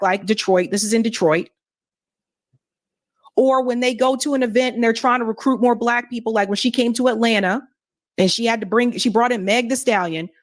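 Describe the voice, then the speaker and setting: A woman's voice: on the high side, no echo, clean studio sound. A woman hosting a live stream, reacting to clips with indignant rhetorical questions.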